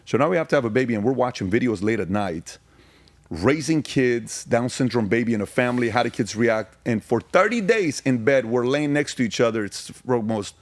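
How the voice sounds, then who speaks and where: A man's voice: medium pitch, animated, a little fast, no room sound. Emphatic man from Iran, dry close sound. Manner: emphatic, fires rhetorical questions. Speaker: podcast guest. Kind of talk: casual storytelling interview.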